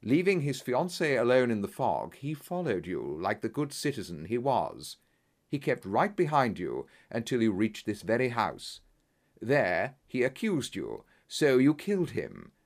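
A man voicing a calm male detective who speaks in a measured, firm way. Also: medium pitch, full character voice. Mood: accusing.

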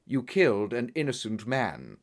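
A man voicing a calm male detective who speaks in a measured, firm way. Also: medium pitch. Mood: accusing.

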